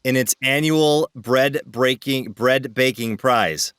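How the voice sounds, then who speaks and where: A man's voice: medium pitch, slow, fairly bright tone, clear, resonant tone, dry recording, clean studio sound. A man co-hosting a casual podcast, reading a news story with playful jokes. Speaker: podcast co-host.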